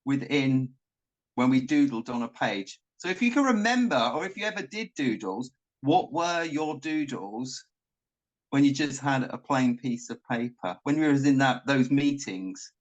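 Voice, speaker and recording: A man's voice: medium pitch, sing-song, measured pace, muffled recording. A man co-hosting a casual chat, musing aloud and asking questions. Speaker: co-host.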